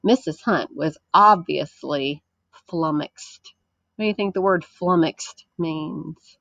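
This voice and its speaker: A woman teacher reading a chapter book aloud to her class, gentle and explanatory, stopping to ask the children questions. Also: low-pitched, takes it slowly, vocal fry, no room sound, muffled recording.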